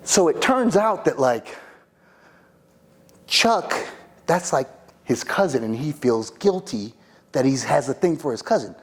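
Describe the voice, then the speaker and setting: A man performing a monologue as a rambling, excitable young party guy who keeps saying "like" and "dude" and restarting his sentences. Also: medium pitch, a little slow, long pauses. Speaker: attorney in a monologue workshop.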